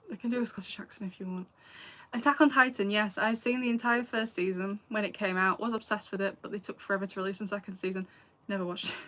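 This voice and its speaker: A woman's voice: medium pitch, a bit bright. A woman in her late twenties with a Lancashire accent with a slight Scouse edge, casually chatting through questions from a live chat and often laughing. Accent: Lancashire English, a little Scouse. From England. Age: 20s. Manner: chatty, laughing, drops into asides. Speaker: youtuber answering live chat.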